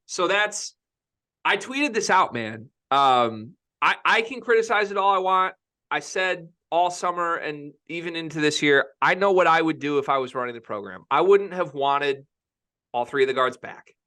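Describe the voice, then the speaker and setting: A young man talks basketball on a podcast, pressing his opinions hard and circling back to repeat them. His voice sits fairly high and rings bright. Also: expressive, normal speed. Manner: opinionated, emphatic, repeats himself. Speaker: podcast co-host. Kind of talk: casual sports podcast chat.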